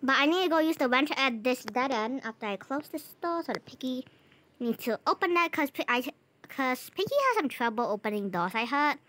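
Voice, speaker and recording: A woman with a high voice talks through a video game as she plays it, narrating each move. She is jumpy and easily rattled. She trails off and repeats herself. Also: lively intonation, brisk, fairly bright tone, slight background noise. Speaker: gameplay channel host. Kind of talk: casual gameplay commentary.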